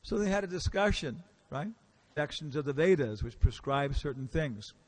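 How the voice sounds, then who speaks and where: A visiting lecturer with a high-leaning, expressive male voice speaks at normal speed in a temple hall. His lecture is casual and story-driven; he acts out the characters he quotes and poses questions to the audience.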